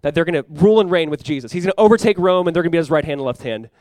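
A young adult man preaching a sermon as pastor, animated and acting out playful voices for the disciples. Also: on the high side, very fast, no room sound.

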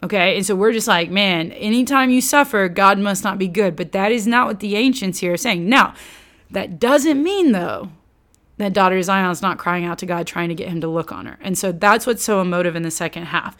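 Animated woman teaching scripture. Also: mid-range voice, fairly quick. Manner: animated and conversational, acts out quotes, uses casual slang. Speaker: Bible teacher.

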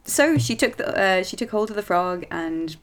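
A woman's voice: mid-range voice, lively intonation, normal speed. A woman reading a fairy tale aloud in a casual way, with playful asides and laughs. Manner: chatty, laughs between lines, playful asides.

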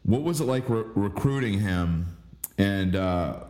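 A man's voice: lowish voice, expressive, a little slow, darkish tone. A man interviewing a former coach, laughing along and stammering into his questions. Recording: roomy echo.

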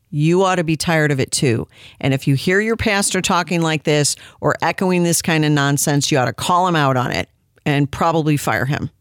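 A woman hosting a talk radio show, delivering sharp, sarcastic commentary. Her voice sits fairly low, and it sounds dry and close, with no room echo. She presses her points with scorn. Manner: combative and sarcastic. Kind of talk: opinionated commentary.

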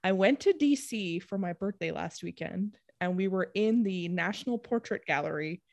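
Chatty woman podcast co-host, mid pitch. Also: expressive, moderate pace, creaky, darkish tone, no room sound. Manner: chatty storyteller, frequent "like" fillers, laughs often. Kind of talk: casual chat.

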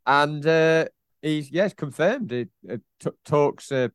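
A man's voice: a little high, unhurried, clean tone, no echo, studio quality. A man co-hosting a casual football podcast, rambling and teasing his co-host with frequent laughs.

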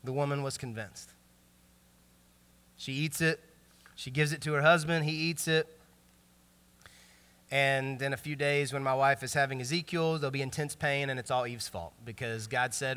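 A man preaching a sermon as pastor, animated and joking, in a casual conversational way with lots of filler words. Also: mid-range voice, normal speed, pauses often, clear, resonant tone. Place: large church hall. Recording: long hall reverb in a church.

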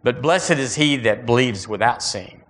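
A man preaching a sermon in a folksy, animated way, repeating phrases and rising into bursts. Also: medium pitch, moderate pace. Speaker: pastor.

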